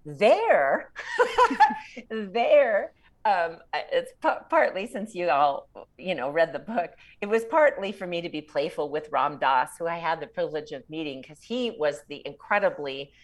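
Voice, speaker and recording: A woman speaking as an author in a reflective spiritual talk, measured and pausing to find her words. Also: deep voice, lively intonation.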